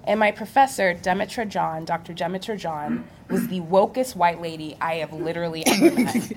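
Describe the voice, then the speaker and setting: A young adult woman on a live panel, telling her story in an animated way and laughing often. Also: on the low side, moderate pace, a little hiss or hum. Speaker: physical therapist on a panel.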